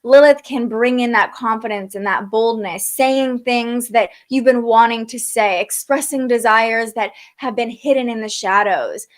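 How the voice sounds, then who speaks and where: A woman's voice: on the high side, a little slow, hardly any pauses. A young woman giving a casual astrology forecast, chatty, with frequent fillers and restarts. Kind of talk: casual livestream talk.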